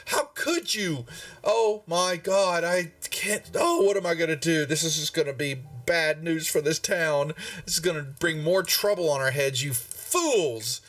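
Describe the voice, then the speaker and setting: Male GM doing a fussy, panicking male townmaster, shrill and high, scolding. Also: a little slow, fairly bright tone, recorded from a distance. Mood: panicked, scolding.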